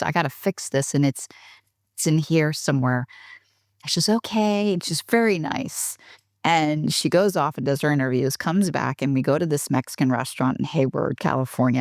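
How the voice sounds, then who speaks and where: A woman's voice: low voice, a little mellow, dry recording, studio quality. A middle-aged woman, a guest on an interview podcast, telling frank, self-deprecating stories and acting out the dialogue. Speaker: guest, HR executive. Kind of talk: candid podcast storytelling.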